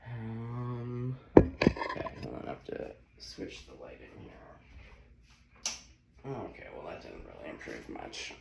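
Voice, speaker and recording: Chatty man reading tarot, gravelly voice. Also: on the low side, huge pitch swings, takes it slowly, pauses often. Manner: chatty, swears and laughs, talks to himself. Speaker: tarot reader. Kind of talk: casual tarot reading vlog. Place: home kitchen. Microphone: phone. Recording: echoey room with loud background noise.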